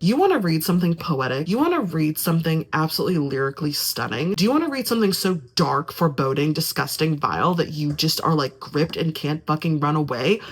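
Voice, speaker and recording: A young woman chatting casually in a book review vlog, gushing and emphatic, often repeating phrases for effect. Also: deep voice.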